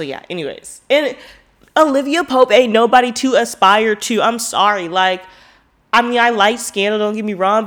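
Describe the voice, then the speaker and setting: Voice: medium pitch, a bit bright. A vlogger telling a story in casual commentary, rambling with lots of fillers and swearing freely, turning heated when indignant. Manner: profane, rambling, heavy "like" fillers.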